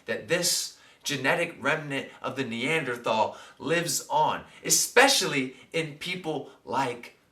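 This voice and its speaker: A man's voice: mid-range voice, expressive, slow pace, few pauses, pushed and bright. Chatty man, roomy distant sound. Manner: conversational, with many fillers and tag questions. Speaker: vlogger. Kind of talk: casual reflective monologue.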